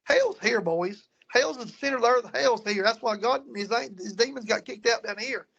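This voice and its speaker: In a muffled recording, a man with a very high-pitched, creaky, husky, and slightly bright voice shares ghost-hunting stories at normal speed. He is a guest paranormal investigator who rambles casually, repeating words and restarting.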